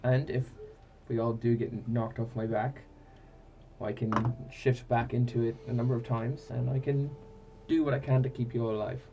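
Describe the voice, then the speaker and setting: A man's voice: medium pitch, level tone, normal speed, dark tone, muffled recording, slight background noise. A man playing a tabletop game in a laid-back way. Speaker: player. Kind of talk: casual chat.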